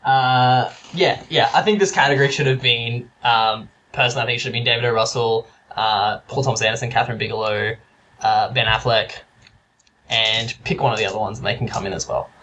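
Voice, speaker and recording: A man's voice: mid-range voice, fairly even intonation, a little fast, fairly bright tone. Rambling chatty man, faint noise behind. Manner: chatty, rambling, many fillers and restarts. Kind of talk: casual chat.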